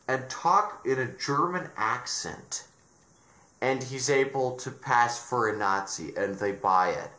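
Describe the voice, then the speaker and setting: A man's voice: mid-range voice, fairly bright tone. A man ranting sarcastically in a show review, exasperated and often restarting his sentences, in a roomy recording. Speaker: video reviewer. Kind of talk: ranting commentary. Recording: roomy echo.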